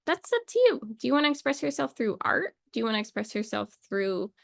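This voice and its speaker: A woman talking in a playful, rambling way, thinking out loud as she runs a casual mock lesson. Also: on the high side, sing-song, fairly quick, gravelly, no room sound, clean studio sound. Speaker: video creator.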